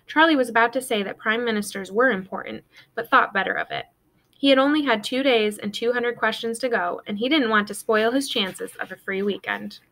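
A woman teacher reading a children's novel aloud to her students in a steady storytelling voice. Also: a little high, fairly quick.

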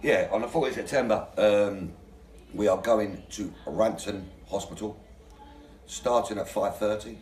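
Deep-voiced man, earnest and resolute, far off. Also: a little mellow, slight background noise. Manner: earnest, resolute, halting with fillers. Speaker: demonstration organizer being interviewed. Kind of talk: casual interview answers. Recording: echoey room, distant mic.

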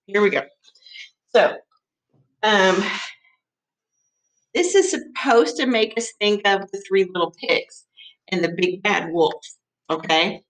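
A woman teacher giving a playful, excitable math lesson for children. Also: medium pitch, slow, pauses often, rough recording.

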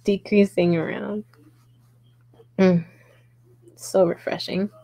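A woman's voice: mid-range voice, level tone, slow, vocal fry, mellow, rough recording. A woman hosting a live crochet tutorial, chatting casually with viewers, answering their comments and murmuring her stitch counts as she works. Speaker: crochet livestream host.

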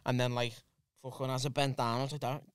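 A man's voice: mid-range voice, flat delivery, smooth, no echo, studio quality. A man with a Liverpool accent, co-hosting a comedy podcast and telling crude, punchy stories. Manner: crude, fast, punchy storytelling. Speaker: podcast co-host. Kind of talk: casual storytelling chat.

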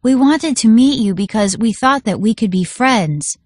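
A woman's voice: fairly high pitch, animated, normal speed, a little mellow, no echo. A woman voicing a tiny, earnest magical mother in a storybook, reassuring in manner.

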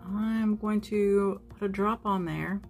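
A woman's voice: medium pitch, steady tone, slow, creaky, faint music behind. A woman narrating a nail art tutorial at home, chatty and self-deprecating, with frequent ums.

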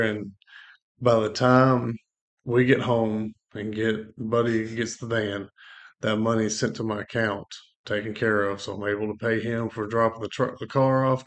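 A man co-hosting a faith podcast, telling a personal testimony as a lively storyteller who acts out what people said. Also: on the low side. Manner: lively storyteller acting out quoted dialogue. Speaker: co-host sharing a testimony.

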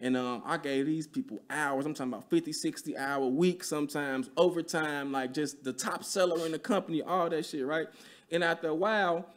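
A man in his thirties, a podcast guest, telling a story in a casual, animated way, full of slang and profanity. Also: fairly high pitch, fairly quick. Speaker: podcast guest, real estate investor.

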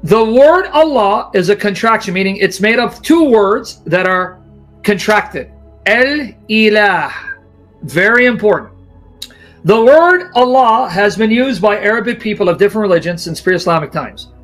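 Man, high voice, sarcastic, emphatic teacher, faint music behind. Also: expressive, unhurried, fairly bright tone. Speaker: Christian apologist. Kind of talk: mocking lecture on a video.

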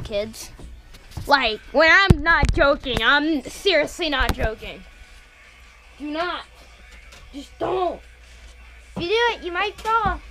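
Young woman vlogger, slow and playful, lively pitch, music bed under the voice. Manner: playful, jokey, swings between loud and whispering. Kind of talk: casual vlog. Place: at home, partly outdoors. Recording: music playing clearly behind.

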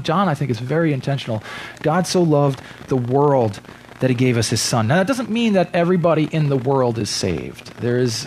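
A man's voice: medium pitch, darkish tone, slight background noise, low-quality recording. A man preaching a Sunday sermon as pastor, emphatic and stretching key words for weight. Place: church sanctuary.

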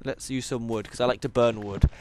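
A man's voice: mid-range voice, steady tone, a little fast, slight background noise. A tired young man, chatting casually as he plays a game and teases the animals on screen. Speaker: gaming YouTuber. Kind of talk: casual let's-play commentary.

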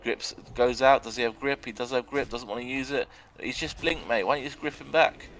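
A young man giving sarcastic, excitable commentary on a video game match and swearing now and then. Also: mid-range voice, a little fast, a little hiss or hum. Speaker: arena commentator.

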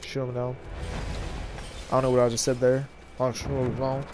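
A man giving casual gameplay commentary, talking fast with jumbled words, frequent stutters and restarts. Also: medium pitch, flat delivery, background noise. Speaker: gaming channel host. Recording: loud gunfire and battle game sounds behind. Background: shooter game audio with gunfire and vehicles.

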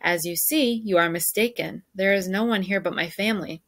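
Storybook father, steady and firm, read by a woman, dry close sound. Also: mid-range voice, fairly quick, dry recording.

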